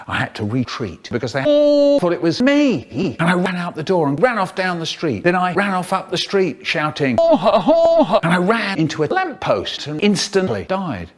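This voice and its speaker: A man spinning a surreal, nonsensical comic tale, slipping from deadpan into sudden outbursts. His slightly higher voice jumps around a lot as he tells it. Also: normal speed, hardly any pauses. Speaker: comedic storyteller. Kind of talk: absurd comic monologue.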